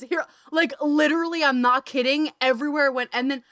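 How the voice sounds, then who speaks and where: A woman hosting a podcast, gushing excitedly and swearing freely, talking in rapid bursts that keep interrupting themselves. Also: sits high, no room sound, studio quality. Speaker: podcast host.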